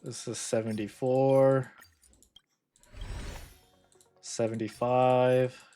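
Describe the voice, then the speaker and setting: A man's voice: mid-range voice, level tone, takes it slowly, mellow, soft background music. A man in casual gaming commentary, muttering counts and ranting in bursts of swearing. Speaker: gacha game content creator.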